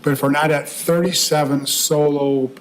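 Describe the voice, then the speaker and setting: A township treasurer at a board meeting who asks precise questions and checks the facts. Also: male voice, fairly high pitch, flat delivery, moderate pace, crowd noise.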